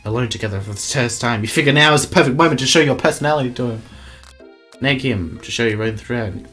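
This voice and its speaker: A man reading a dating game aloud, switching between dry narration and quick jokes. His voice sits at an ordinary pitch, and light background music plays behind him throughout. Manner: animated, jokey, jumps between voices. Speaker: streamer.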